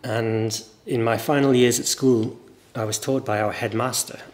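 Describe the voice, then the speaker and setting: A man with a mild northern English accent, a teacher giving a relaxed guest interview and telling stories thoughtfully at length. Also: medium pitch, moderate pace. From northern England. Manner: thoughtful, anecdotal, explains at length.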